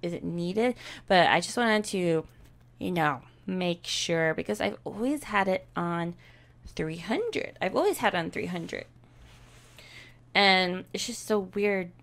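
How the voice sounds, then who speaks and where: A woman streamer talks slowly and chattily into a desk microphone behind a pop filter. Her voice has a gravelly fry and cracks a little from earlier screaming. She takes her time, pausing as she explains her settings. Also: on the low side, animated. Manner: chatty and unhurried, with loud test screams. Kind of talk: casual vlog talk to camera. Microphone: desk USB microphone with pop filter.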